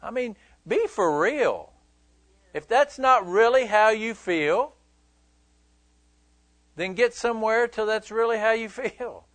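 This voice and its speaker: A man's voice: high voice, animated, slow, pauses often, a bit bright, no room sound. A male pastor preaching a sermon in a conversational, emphatic way, joking with his listeners.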